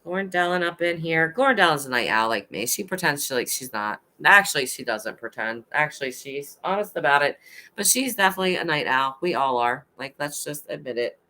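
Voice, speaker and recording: A woman with a low-pitched voice that still rings bright and forward, hosting a relaxed late-night live stream. She rambles through stories and greets viewers one after another, peppering everything with "like" and laughing easily. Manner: chatty and rambling, heavy on "like", quick to laugh.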